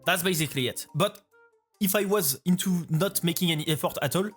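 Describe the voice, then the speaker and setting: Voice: medium pitch, fairly quick, breathy edge, faint music behind. A speaker from France with a French accent, casually reacting to a video as a vtuber, rambling and restarting phrases while thinking aloud.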